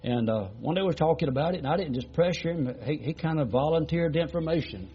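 A man's voice: on the high side, animated, fast, warm tone, breathy edge, dull audio. A middle-aged man preaching a sermon as a pastor, retelling conversations in a folksy, repetitive way with many "he said" tags.

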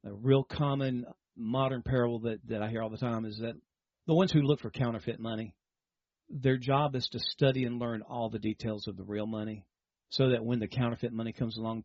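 A man preaches in a husky, breathy voice, explaining patiently and tossing rhetorical questions to the congregation. The sound is dry and a little dull, as if recorded on modest gear close to the mic. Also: mid-range voice, darkish tone, no echo. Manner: teaching, repeats words, asks rhetorical questions. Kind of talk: sermon.

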